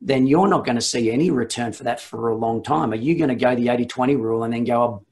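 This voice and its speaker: A man's voice: medium pitch, fast, creaky, a little mellow. A middle-aged man hosting a casual business conversation. He asks long, winding questions and challenges his guest's answers in an easygoing way. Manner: probing, rambling questions. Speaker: host.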